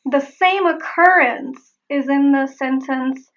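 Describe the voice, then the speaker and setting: A woman accent coach giving a pronunciation lesson, repeating example words slowly and carefully. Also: sits high, steady tone, a bit bright, highs cut off.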